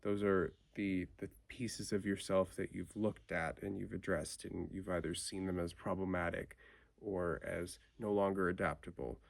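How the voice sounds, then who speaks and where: A man's voice: low voice, steady tone, moderate pace, creaky, no room sound. A man vlogging late at night, talking in a loose, rambling and reflective way, full of fillers and restarts. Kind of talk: late-night casual talk.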